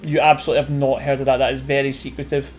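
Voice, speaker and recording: A man in the game master's seat of a tabletop campaign, narrating in an easygoing, meandering way at a middling pitch. Faint music plays underneath. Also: level tone, racing. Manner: laid-back, rambling, with many fillers and laughs.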